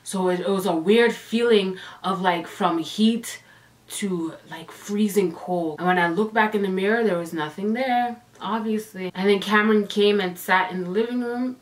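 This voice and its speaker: A woman's voice: medium pitch, moderate pace. A woman telling her own ghost story as a casual storytime vlog, emotional and dramatic, with sighs and exclamations. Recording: voice a bit distant from the mic.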